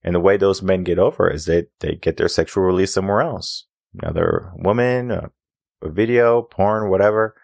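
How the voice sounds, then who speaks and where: A man's voice: sits low, a little fast, gravelly, a little mellow, no echo, clean studio sound. A young adult man hosting a podcast, giving an opinionated monologue full of rhetorical questions. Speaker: podcast host.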